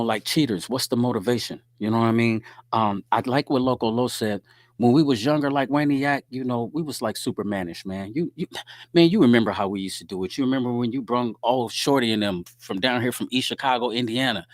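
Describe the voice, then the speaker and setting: A man's voice: mid-range voice, no room sound. A man giving a streetwise, preachy faith-based talk straight to his listeners.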